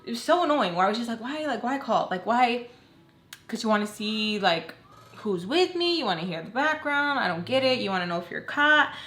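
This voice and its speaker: A woman's voice: fairly high pitch, big pitch swings, fast, bright, forceful tone. Blunt young woman telling a storytime. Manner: candid and blunt, swearing freely. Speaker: storytelling vlogger. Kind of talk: casual storytime. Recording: roomy echo.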